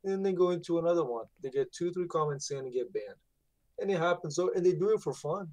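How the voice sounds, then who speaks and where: A man who moderates a streamer's channel, chatting on a live stream in an emphatic, animated way. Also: fairly high pitch, fast, dry recording. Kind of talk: casual live-stream chat.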